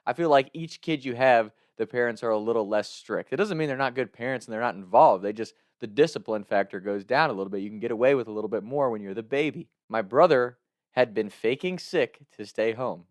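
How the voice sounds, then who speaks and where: A man's voice: medium pitch, fairly quick, dry recording, clean studio sound. A man telling a personal story in a casual way, often laughing as he talks. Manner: laughs often while talking, animated retelling.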